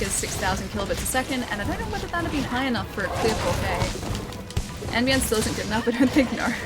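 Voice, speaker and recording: Streamer: young woman, slightly high voice, chatty and giggly, game music loud underneath. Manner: chatty, laughs often, reads viewer comments aloud. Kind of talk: casual live-stream chat.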